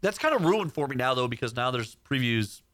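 Man co-host, rapid chatty storyteller, dry studio sound. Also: mid-range voice, sing-song, fairly bright tone, dry recording. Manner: rambling storyteller, lots of "like". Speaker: radio show co-host. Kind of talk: casual banter on a radio show. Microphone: studio mic.

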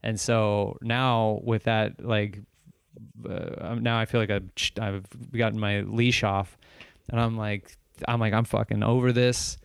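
A man, a stand-up comedian, telling a long story in casual chat, animated and profane, often restarting and acting out what people said. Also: lowish voice, takes it slowly, creaky, clear, resonant tone, dry recording, clean studio sound.

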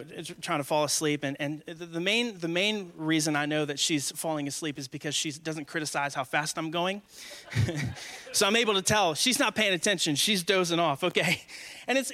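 A man's voice: high-pitched, pushed and bright. A man in his twenties, a guest speaker giving a humorous, conversational sermon in church and joking with the congregation. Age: 20s. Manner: joking, asks the congregation questions.

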